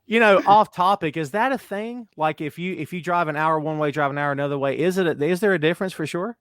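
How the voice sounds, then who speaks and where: Blunt, animated Southern-raised man. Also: fairly high pitch, fast, no room sound, studio quality. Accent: Southern US, softened. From North Carolina, US. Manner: animated, self-interrupting, blunt opinions. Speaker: podcast host. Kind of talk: casual wrestling chat.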